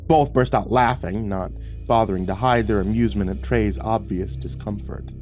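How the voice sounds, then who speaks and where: A man narrating a scripted sci-fi horror story in a steady, measured way. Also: fairly low pitch, faint music behind.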